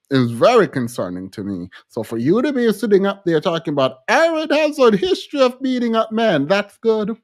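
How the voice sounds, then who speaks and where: A woman's voice: sits low, a little mellow. A woman hosting a reaction commentary, sarcastic and exasperated, repeating phrases for effect. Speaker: commentary host.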